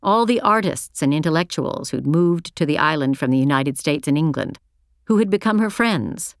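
Low-voiced woman narrating a novel. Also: creaky, no room sound, clean studio sound. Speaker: audiobook narrator. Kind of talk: first-person novel narration.

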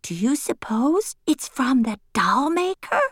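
A curious young girl doll from a storybook, voiced slightly higher with a lively, questioning lilt, put on by a woman reading aloud. She speaks slowly and close to a dry mic. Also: husky, no room sound, exaggerated voice. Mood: wondering. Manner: wondering, hushed at times.

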